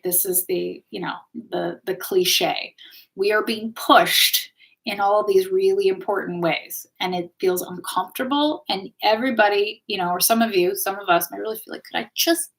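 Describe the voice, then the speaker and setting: A woman's voice: mid-range voice, creaky. A woman hosting a live astrology and tarot stream, talking casually to her viewers in an encouraging teaching tone and often checking in with them. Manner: chatty, warm-hearted, keeps checking in with viewers ("okay?", "right?").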